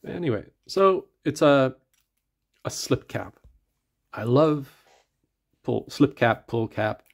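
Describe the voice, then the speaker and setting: A middle-aged man with an Atlantic Canadian accent reviews a pen in a casual, rambling way, full of fillers and restarts. His voice is medium-pitched, expressive, slow and creaky, and he sometimes drifts away from the mic.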